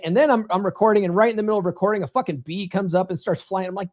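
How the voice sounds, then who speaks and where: A man's voice: high voice, fast, few pauses. A man hosting a live podcast as a dating coach, chatting casually, reading viewer comments and swearing freely as he rambles through stories. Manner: profane, rambling, animated storytelling. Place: home studio.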